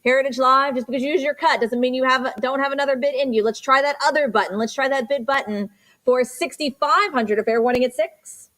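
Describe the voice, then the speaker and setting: Brisk woman calling auction bids. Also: high voice, a bit bright. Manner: rapid repetitive bid calls mixed with slower item descriptions. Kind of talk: live auction bid calling. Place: auction studio for a livestream.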